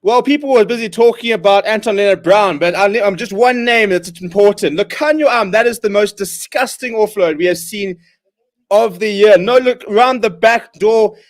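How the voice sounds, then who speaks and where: A young man hosting a live watchalong, calling the play and reading out viewer comments, and he bursts out loud at big moments. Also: high-pitched, moderate pace. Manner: excitable, shouts at big plays, reads viewer comments. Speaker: host.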